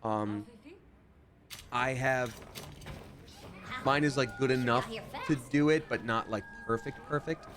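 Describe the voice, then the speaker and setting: Speaking slowly with long pauses, a young man with a medium pitch plays a game live from his home setup. He's a streamer and voice actor who rambles chattily, reads chat out loud, and answers what viewers ask.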